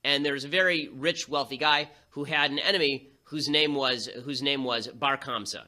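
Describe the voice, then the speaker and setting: Hosting a show, a man with a mid-range, sharp-toned voice delivers a rapid-fire, sarcastic political commentary monologue full of quick asides.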